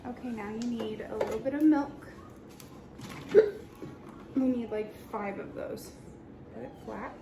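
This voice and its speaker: A young mother with a high voice gently walks her child through a kitchen task, patient and unhurried in her guidance. The recording is echoey, with loud noise running underneath. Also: gravelly. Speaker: mom and vlog host. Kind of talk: casual instructions to a child. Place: home kitchen.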